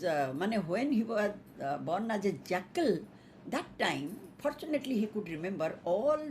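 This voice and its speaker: Slow, hesitant storyteller woman. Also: medium pitch, darkish tone, slight background noise. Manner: unhurried, with many fillers. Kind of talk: telling a fable.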